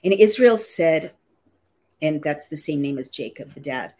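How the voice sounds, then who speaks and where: Low husky woman reading scripture. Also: expressive, a little slow, dark tone. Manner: reads archaic verses, then restates them in everyday words. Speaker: Bible teacher. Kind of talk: reading scripture aloud with plain-language glosses.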